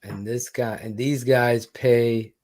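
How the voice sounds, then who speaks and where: A man's voice: medium pitch, fairly even intonation, slow pace, darkish tone. A man co-hosting a sports podcast in casual talk, brash and boastful, swearing heatedly. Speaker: podcast co-host.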